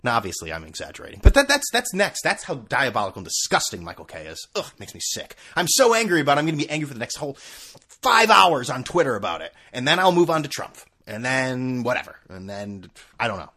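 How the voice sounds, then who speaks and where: A man's voice: medium pitch, big pitch swings, fast, sharp tone. A man hosting a sports podcast, ranting sarcastically and swearing. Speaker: podcast host.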